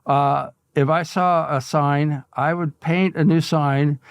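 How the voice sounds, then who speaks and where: An older man, a guest artist telling stories in a casual interview, animated and chuckling as he goes. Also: on the high side, slow pace, clean tone, no echo.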